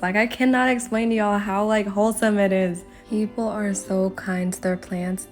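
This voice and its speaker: A woman's voice: mid-range voice, darkish tone. A young woman chatting casually while she shows her sketchbook, often breaking into embarrassed giggles and rambling asides. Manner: giggly, self-conscious, rambling. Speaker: artist vlogger. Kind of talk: casual sketchbook tour chat.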